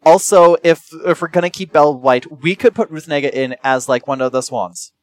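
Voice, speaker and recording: A podcast co-host chatting casually, quick and wry, sometimes stammering when starting a thought. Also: mid-range voice, no room sound, low-quality recording. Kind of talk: casual chat.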